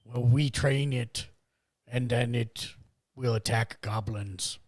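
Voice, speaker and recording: A man's voice: medium pitch, fairly even intonation, slow, a little mellow, no echo. A man voicing a timid male kobold who talks in broken speech and calls himself by name in the third person. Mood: earnest.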